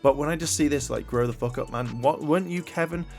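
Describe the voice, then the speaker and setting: A man's voice: a little high, fast talker, a little mellow, soft background music. A man giving a profane, irritated commentary rant and reading articles aloud with lots of fillers. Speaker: commentary vlogger. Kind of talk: ranting commentary.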